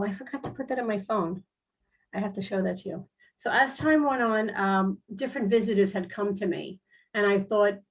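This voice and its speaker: A woman's voice: medium pitch, muffled recording. A middle-aged woman speaking as a spiritual guest on an online talk show, telling personal stories in a chatty, earnest way with many fillers. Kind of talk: casual personal storytelling.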